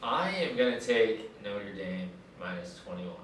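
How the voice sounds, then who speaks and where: A man's voice: on the low side, expressive, measured pace, a little hiss or hum. A young man co-hosting casual sports talk, easygoing and plainspoken, recorded from a distance in a room. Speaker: co-host. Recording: echoey room, mic far off.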